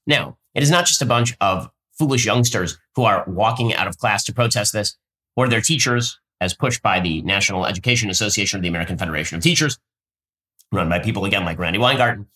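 A man hosting a political commentary show, talking in an emphatic, sardonic, rapid-fire way. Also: fairly low pitch, sharp tone. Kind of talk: fast political commentary with ad reads.

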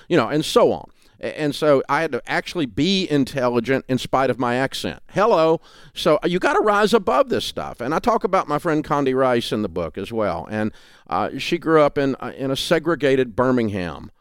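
A man's voice: medium pitch, smooth, dry recording, studio quality. A middle-aged man with a Southern accent, speaking as a guest in a podcast interview in a folksy, emphatic storytelling way. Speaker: guest, finance radio host.

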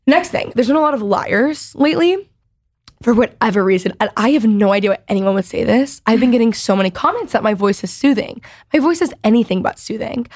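A young woman in her twenties with a Valley Girl accent hosts a casual podcast chat. She is loud and chatty, and her voice sits a little high. Her pitch swings widely as she talks. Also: brisk. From Texas. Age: 20s. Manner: chatty, says like a lot, lively. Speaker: podcast host.

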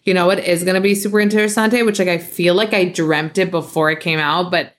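A young woman hosting a podcast, chatting casually and telling animated stories. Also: a little fast. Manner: animated storytelling, mimics relatives in higher voices. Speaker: podcast host. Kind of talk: casual chat.

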